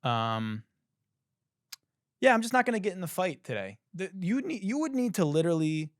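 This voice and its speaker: Animated, storytelling man, dry close sound. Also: sits high, normal speed, no echo. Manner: animated, profane, acts out the other people in his story. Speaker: podcast host. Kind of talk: comedic storytelling monologue.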